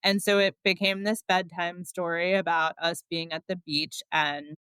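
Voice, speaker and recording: Chatty woman guest with a bright, clean voice. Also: on the low side, flat delivery, normal speed, clear, resonant tone, no echo. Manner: chatty, frequent filler words, laughs often. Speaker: podcast guest, author. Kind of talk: candid conversational storytelling.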